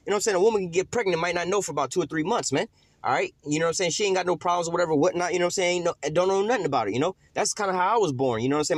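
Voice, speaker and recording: A male preacher talking at a rapid clip, his voice sitting a little high. He peppers his sermon with slang, swearing and "you know what I'm saying," and stalls on long "uh"s. The sound is dry, with no room around it. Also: no echo. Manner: fills pauses with drawn-out "uh". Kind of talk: street-style sermon.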